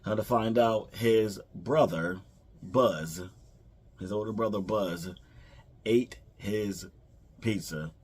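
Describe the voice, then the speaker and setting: A movie reviewer casually recaps a film's plot, rambling with fillers and restarts and quoting the characters. His lowish, husky, slightly mellow voice moves slowly, with long pauses.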